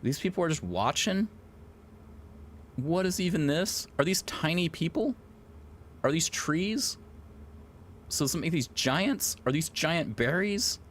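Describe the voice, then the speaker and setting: A man streaming live, chatting casually in an excitable, rambling way and swearing a lot. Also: a little high, unhurried, long pauses, slight background noise.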